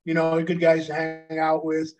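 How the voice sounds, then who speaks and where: A former pro wrestler in his fifties co-hosts a podcast, fondly reminiscing in casual chat that rambles with many restarts and fillers. His voice is on the high side, monotone and a little mellow, at normal speed, with soft music in the background.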